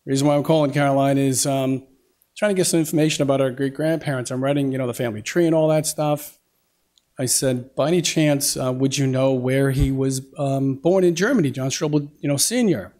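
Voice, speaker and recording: A man's voice: medium pitch, a little fast, darkish tone. A man giving a folksy talk to an audience, telling a family story with lots of quoted dialogue and casual fillers. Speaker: guest speaker. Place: lecture hall.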